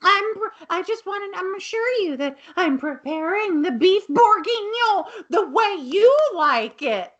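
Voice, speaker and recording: Eager, flustered middle-aged woman cook, as a woman voices her, pitched way up with a breathy squeal. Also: expressive, unhurried, few pauses, fairly bright tone, dull audio, heavily acted.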